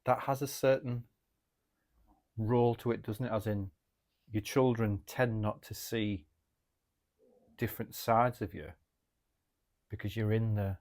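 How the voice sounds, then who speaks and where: A man's voice: lowish voice, steady tone, unhurried, long pauses, a little mellow. Man musing aloud on a podcast. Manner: musing, asks rhetorical questions. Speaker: podcast co-host. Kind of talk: reflective casual chat.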